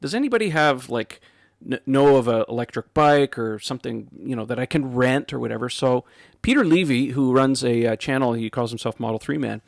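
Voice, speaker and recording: A man's voice: medium pitch, fairly quick, gravelly, no echo, clean studio sound. A man co-hosting a podcast, chatting casually and laughing easily. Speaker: podcast co-host. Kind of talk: casual chat.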